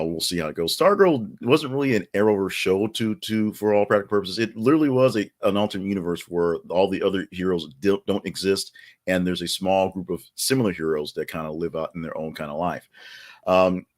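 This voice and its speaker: A man with a very low, deep voice talks through the day's headlines in a loose, rambling way. He fills gaps with ums and uhs and drops in wry asides as a podcast host. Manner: rambling and chatty, many fillers, wry asides. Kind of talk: casual news commentary.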